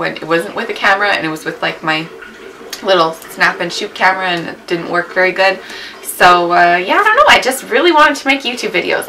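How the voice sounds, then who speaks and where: Young woman vlogger, casual rambling chat, bright clear tone, at home on a camera mic, faint background hum. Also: fairly low pitch, poor audio. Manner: rambling, lots of "like" and "um". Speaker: beauty vlogger. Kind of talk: casual chatty tag video. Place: her home.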